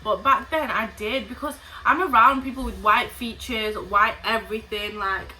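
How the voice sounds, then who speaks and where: A woman's voice: on the high side, normal speed, a little hiss or hum, rough recording. A young woman telling a story from her school days as a casual storytime vlog, blunt and full of swearing. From England. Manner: animated, profane and blunt. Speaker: vlogger.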